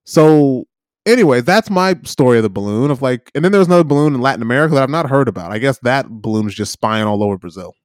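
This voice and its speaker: A man's voice: medium pitch, animated, quick pace, no echo, studio quality. A young man co-hosting a podcast, telling a rambling story in casual chat with many fillers and acted-out quotes. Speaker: podcast co-host.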